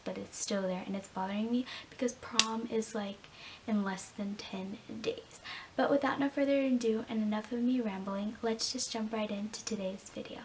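A woman's voice: mid-range voice, slight background noise. A teenage girl vlogger in a casual makeup tutorial, chatty and rambling with lots of fillers, still in her morning voice. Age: teens. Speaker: beauty vlogger.

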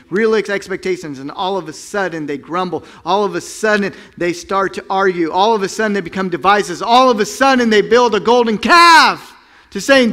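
Preaching a sermon, a male pastor tells a story with acted-out voices and sound effects, veering between loud bursts and hushed tones. His voice is high and expressive at a moderate pace.

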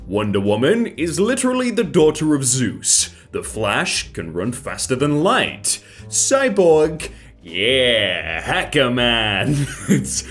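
A man's voice: medium pitch, fairly bright tone. A man in his thirties doing casual meme commentary, reading captions aloud, then joking and laughing often. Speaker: meme reaction host.

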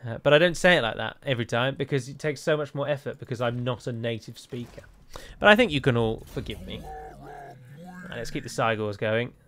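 Playing a strategy game, the English-accented man keeps up a casual, wry running commentary with meandering asides. He speaks briskly in a mid-range voice with a fairly bright tone.

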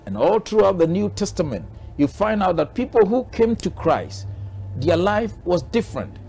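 A man's voice: high-pitched, big pitch swings, moderate pace, gravelly, darkish tone, breathy edge, faint music behind. A man from Ghana, a bishop answering interview questions in a preaching manner, driving his points home with repeated rhetorical questions.

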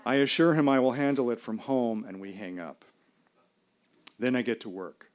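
A man performing a first-person story live on stage, in a measured, dramatic delivery with pauses. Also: mid-range voice. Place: small live venue.

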